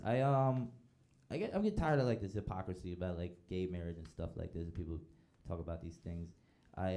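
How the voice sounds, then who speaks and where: A man's voice: low voice, warm tone. A man performing a stand-up comedy set with a laid-back delivery. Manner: laid-back delivery, acts out quoted voices. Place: live comedy show with audience.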